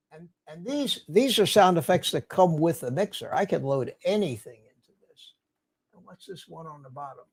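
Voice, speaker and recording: An older man hosting a livestream in casual chat, rambling along and greeting viewers by name. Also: a little high. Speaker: livestream host. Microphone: studio mic through a mixer.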